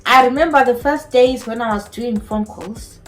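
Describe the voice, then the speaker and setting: A woman's voice: fairly high pitch, normal speed, faint music behind, rough recording. Earnest woman nurse with an accent. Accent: non-native English accent. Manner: earnest, emphatic, repeats key phrases. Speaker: care home nurse. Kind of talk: personal vlog talk to camera.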